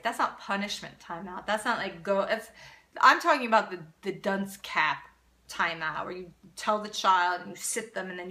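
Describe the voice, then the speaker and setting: A middle-aged woman hosting a live parenting Q&A, answering viewer comments in an earnest, animated way. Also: mid-range voice. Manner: earnest, animated, acts out children's voices.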